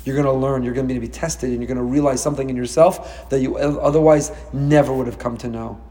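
A man teaching a Torah lecture as a rabbi, animated and acting out dialogue with sudden rises in pitch. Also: fast talker, in a large hall, slight background noise.

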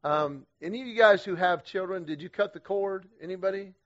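A middle-aged man speaking to a men's group at church, energetic and humorous, with a conversational style full of quick restarts. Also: high-pitched. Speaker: guest speaker leading a men's group series. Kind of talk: storytelling church talk to men. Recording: dull lo-fi sound.

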